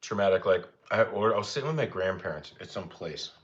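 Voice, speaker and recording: A man's voice: expressive, a little fast. A young man hosting a casual cooking livestream, chatting easily with viewers and talking to his dogs. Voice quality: easygoing, rambling and chatty. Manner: talks to his dogs in a higher voice. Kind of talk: casual live chat with viewers. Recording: slightly dull lo-fi sound.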